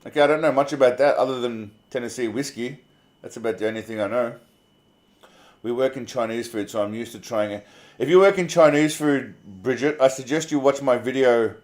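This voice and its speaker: A medium-pitched, slightly mellow Australian voice moves at a fairly quick clip as he hosts a casual livestream. Reading comments from viewers, he's relaxed and chatty, swears without restraint, and calls everyone mate.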